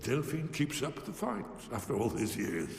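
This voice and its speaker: Wary old hermit in a game, guarded and tired, voice swings up and down a lot, long echo tail. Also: male voice, medium pitch, huge pitch swings, moderate pace, gravelly, slight background noise. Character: wary old male scholar hiding behind locks. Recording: long game-room reverb.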